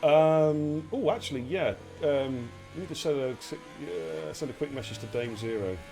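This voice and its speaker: A man casually hosting a live online racing stream, relaxed and jokey as he talks to viewers. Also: fairly high pitch, a little slow, creaky, faint music behind. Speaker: esports race league host.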